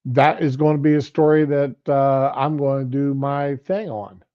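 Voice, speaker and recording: A man's voice: mid-range voice, steady tone, moderate pace, smooth. A middle-aged man giving casual political commentary on a livestream, rambling and conversational. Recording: lo-fi stream audio.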